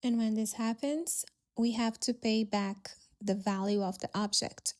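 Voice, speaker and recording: A woman voicing a calm, wealthy male party host who explains things patiently and matter-of-factly. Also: a little high, a little slow, close to an everyday voice. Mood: calm firm.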